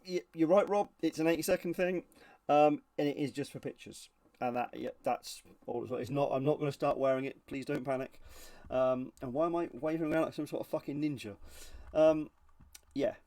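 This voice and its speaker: A man's voice: mid-range voice, steady tone, fairly quick, dark tone. A man hosting his channel, giving casual reaction commentary in a blunt, sarcastic and sweary way. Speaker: channel host reviewing reenactor videos.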